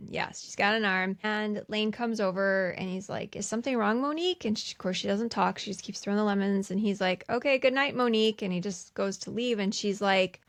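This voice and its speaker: A woman's voice: mid-range voice, a little fast, few pauses. A woman co-hosting a podcast, casually retelling film scenes and acting out the characters' lines between laughs. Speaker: podcast co-host. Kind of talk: casual movie recap chat.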